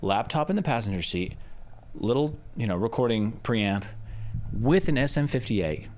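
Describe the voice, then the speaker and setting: A man's voice: on the low side, lively intonation, normal speed. A man explaining step by step how he records vocals, speaking into a handheld mic about a foot away in a treated studio. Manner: explains step by step, with loud sung test shouts. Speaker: music producer teaching recording. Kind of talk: casual tutorial demonstration. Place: treated home studio with curtains and rock wool. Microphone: handheld dynamic mic about a foot away.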